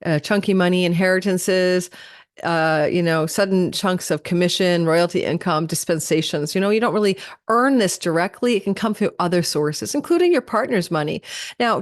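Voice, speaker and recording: A woman hosts a live astrology forecast at the quick clip of an auctioneer, chatty and prone to correcting herself mid-sentence. Her voice sits on the low side for a woman. The sound is dry and close, with no room around it. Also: no echo. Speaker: astrology channel host.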